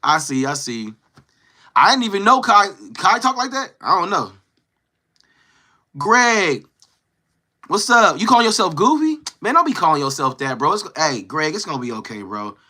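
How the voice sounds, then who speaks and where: Slangy guy on a stream talkin to chat, acts out what ppl say, bright punchy voice. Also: sits high, normal speed, long pauses. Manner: animated, slangy, acts out quoted lines. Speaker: livestream host. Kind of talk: casual livestream chat, reading viewer comments.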